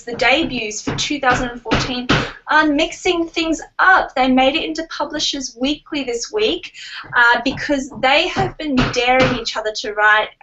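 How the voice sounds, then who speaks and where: A woman's voice: high-pitched, recorded from a distance, dull audio, noisy background. A woman co-hosting a casual book-news podcast, chatting and rambling while she cites figures. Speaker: book blog co-host.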